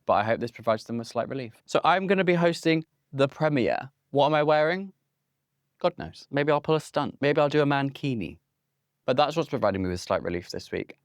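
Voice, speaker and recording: A man's voice: medium pitch, no room sound, clean studio sound. A man in his late twenties hosting a comedic monologue with camp, playful, theatrical asides. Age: late 20s. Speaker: host.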